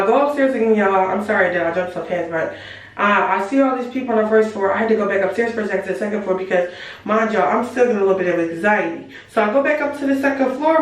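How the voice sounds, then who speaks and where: A teenage girl tells a story to her viewers, animated and full of profanity, speaking straight to the audience as "y'all." Her voice sits at an ordinary middle pitch. It sounds like she is some distance from the mic in a very echoey room. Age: late teens. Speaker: storytime vlogger.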